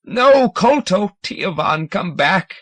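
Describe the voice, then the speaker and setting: A man's voice: high voice, big pitch swings, takes it slowly, a bit bright, dry recording, voice pushed up, full character voice. A man voicing a defiant alien elder who bellows desperate commands. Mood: bellowing. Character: furious alien elder father, fiercely defiant.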